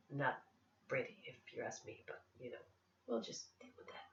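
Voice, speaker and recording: A woman's voice: a bass voice, very animated, moderate pace, vocal fry, a bit bright. A woman vlogger with an American accent tinged with Dutch and English, chatting to camera in a blunt, playful way. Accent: American with Dutch and English traces. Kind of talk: casual chat to camera. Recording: echoey room, distant mic, dull sound.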